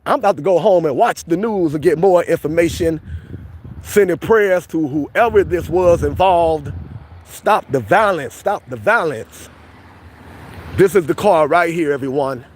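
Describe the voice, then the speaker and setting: Male streamer, high voice, pushy and repetitive, arguing with chat outdoors. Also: unhurried, slight background noise. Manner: insistent, repeats points, argues with viewers. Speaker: livestream host. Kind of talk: street livestream arguing with chat. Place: outdoors by a police station.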